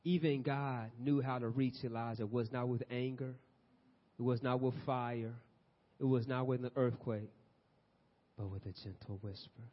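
A man preaching a sermon, swinging from loud urgent exhortation to soft, near-whispered passages. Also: medium pitch, flat delivery, moderate pace. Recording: dull lo-fi audio.

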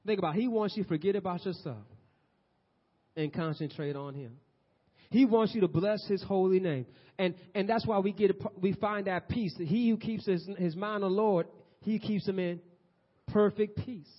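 A man preaching a sermon, swinging from loud urgent exhortation to soft, near-whispered passages. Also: sits high, normal speed. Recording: dull lo-fi audio.

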